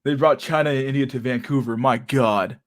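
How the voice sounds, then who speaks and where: A man's voice: mid-range voice, moderate pace. Casual, profane man streaming commentary. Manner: profane, loose and meandering, laughs often. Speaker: streamer reacting to memes.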